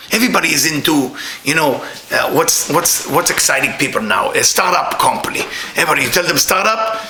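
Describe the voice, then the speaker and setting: A man giving a lively, storytelling talk on the weekly Torah portion as a Kabbalah teacher, with playful asides and loose grammar. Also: fairly high pitch, echoey room, a little hiss or hum.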